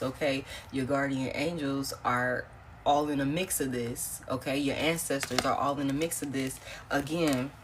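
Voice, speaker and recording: A woman runs a casual live tarot reading. She talks loosely and repeats herself, tossing in y'all and laughs. The stream audio is noisy. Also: a bass voice. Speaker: tarot reader.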